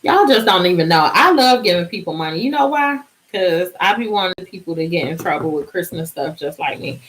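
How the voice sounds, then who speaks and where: A woman's voice: lowish voice, expressive, fairly quick, rough recording. A woman hosting a casual live stream, chatty and bubbly, sleepy and singing out little cheers.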